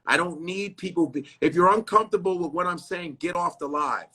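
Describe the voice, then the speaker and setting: Blunt, bright-voiced comedian. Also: male voice, sits high, brisk, slightly rough. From Chicago. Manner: blunt, profane, animated storytelling that acts out other people's lines. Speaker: comedian guest. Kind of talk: casual interview chat.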